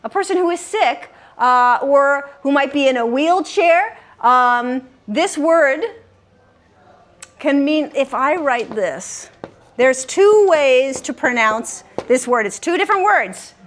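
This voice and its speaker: A woman's voice: high-pitched, lively intonation, slow. A woman hosting a live word game for seniors, patiently giving clues and repeating the answers back. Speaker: quiz host. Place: common room of a senior-living community.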